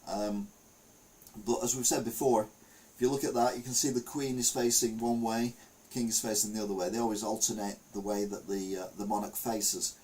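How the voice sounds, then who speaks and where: An older man hosting a live stream, reading the week's news aloud and adding wry, deadpan asides between frequent ums. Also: lowish voice, brisk, poor audio.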